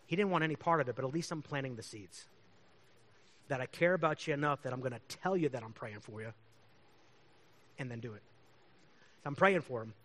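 A man's voice: medium pitch, lively intonation, a little fast, long pauses, fairly bright tone. A man who is a pastor, telling stories in a chatty, rambling way and laughing often. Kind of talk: casual storytelling.

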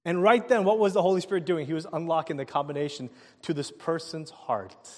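A man preaching a sermon, telling a personal story with animated delivery, asking the crowd questions and chuckling often. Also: fairly high pitch, fairly quick. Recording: long hall reverb.

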